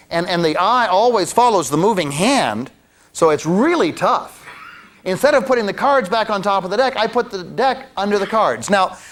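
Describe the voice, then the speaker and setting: A man with a fairly high voice gives a demonstration lecture on a mentalism card routine. He talks casually and breaks into joking asides. He often restarts his sentences. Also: fairly bright tone.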